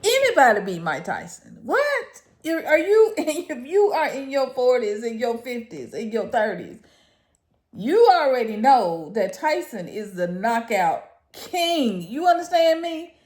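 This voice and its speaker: Excitable woman going on and on, high voice jumping all over, slow drawn-out delivery, laughs a lot. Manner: exclamatory and incredulous, laughs often between phrases. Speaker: vlogger. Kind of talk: casual commentary to camera. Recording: echoey room.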